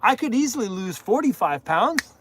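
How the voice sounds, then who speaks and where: A man hosting a live-stream Q&A from inside his camper van, jokey and animated, laughing at his own jokes. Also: sits high, normal speed, slight background noise. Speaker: van-life channel host.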